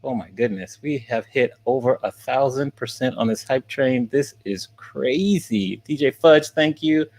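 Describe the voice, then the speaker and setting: A man's voice: medium pitch, unhurried, hardly any pauses, a little mellow. A man streaming live, laughing often and thanking viewers by name as he gets through the questions. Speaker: streamer and college teacher.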